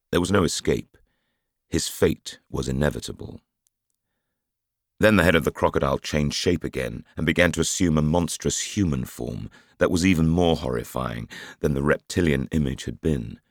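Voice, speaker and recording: A man with an extremely low, gravelly, husky voice narrates a thriller in a measured, dramatic way. The recording is close and dry. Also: no room sound. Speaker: audiobook narrator. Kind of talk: scripted narration.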